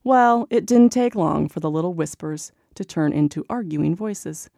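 A woman narrates a magazine article with expressive storytelling. Her voice sits low with a gravelly, creaky edge and a dark, mellow tone. The sound is close and dry. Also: normal speed, few pauses, no room sound.

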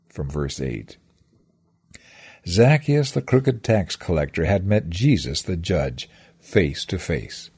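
A man's voice: low-pitched, very animated, takes it slowly, creaky, darkish tone, breathy edge. A man reading a scripted devotional that retells scripture stories with reflective, dramatic storytelling. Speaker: devotional speaker.

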